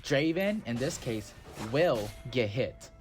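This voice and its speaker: A man talks through his own match in a loose, rambling voice-over, stacking up "like" fillers. His pitch sits in an ordinary middle range. Clear background music plays under his voice. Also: big pitch swings, takes it slowly. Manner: rambling and chatty, with many "like" fillers. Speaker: gaming channel host. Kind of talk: casual gameplay commentary voice-over.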